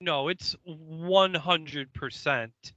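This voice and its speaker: A man co-hosting a casual podcast, easygoing with a deadpan sarcastic streak. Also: a little high, very slow, no room sound, highs cut off. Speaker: podcast co-host. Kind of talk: casual chat.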